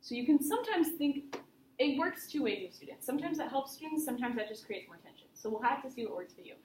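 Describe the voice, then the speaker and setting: Woman voice coach, encouraging and chatty, higher voice, roomy studio with faint hiss. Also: sing-song, fast, a little mellow. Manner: chatty and encouraging, explains with imagery. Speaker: voice teacher. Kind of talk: private singing lesson instruction.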